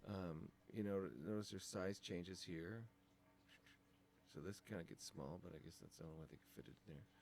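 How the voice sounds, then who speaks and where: A design instructor with a deep, slightly mellow voice talks through files on a screen capture at normal speed. He's casual, thinking aloud with many ums.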